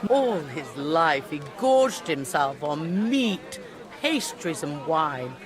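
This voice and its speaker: An actress playing a sharp-tongued medieval noblewoman, speaking in an arch, teasing manner. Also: low-pitched, big pitch swings, takes it slowly, music in the background, crowd noise, full character voice. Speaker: noblewoman at a feast. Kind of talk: video game voice acting.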